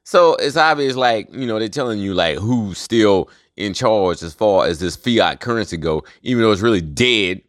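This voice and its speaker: A man's voice: fairly low pitch, expressive, normal speed, few pauses, no room sound, studio quality. A man hosting a solo rant show, talking in a heated, profane and conspiratorial way. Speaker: host.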